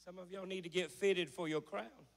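A male pastor, preaching a folksy sermon in a church that builds to a shout. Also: sits high, fairly even intonation, moderate pace, in a large hall. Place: church sanctuary.

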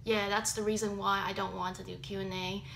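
A woman's voice: mid-range voice, flat delivery, brisk, gravelly, a bit bright, a little hiss or hum. A young woman YouTuber reacting to her old videos in rambling casual talk, full of fillers and self-deprecating asides.

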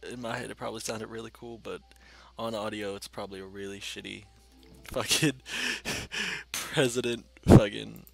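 With faint music behind him, a gaming channel host offers rambling, profane let's-play commentary, muttering to himself as he goes. His voice is lowish and gravelly, steady in tone at a moderate pace.

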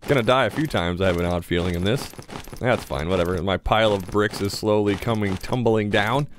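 A man's voice: fairly low pitch, fairly quick, slight background noise. A young man giving casual gameplay commentary as a gaming YouTuber, chatty and mildly sarcastic as he talks to himself.

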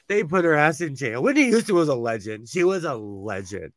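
Gossipy higher-voiced man, dry close sound. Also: a little fast, no echo. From California. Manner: gossipy, animated storytelling with frequent laughs. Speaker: host. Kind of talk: casual chat.

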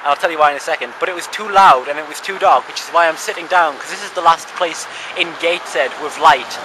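A young man from northeast England with a voice a little higher than most, talking to a camera on a cold night street. He rambles in a dry, self-mocking way. Passing traffic and street noise sit clearly behind him. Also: fast talker. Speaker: vlogger. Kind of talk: casual chat to camera. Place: sitting outdoors on a town street at night. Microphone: handheld camera's built-in mic.

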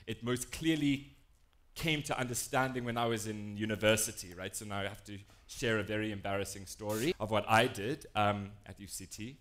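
A young South African man with a South African accent, giving a talk on inclusion in an animated, self-deprecating storytelling way. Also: lowish voice, normal speed. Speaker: diversity and inclusion speaker.

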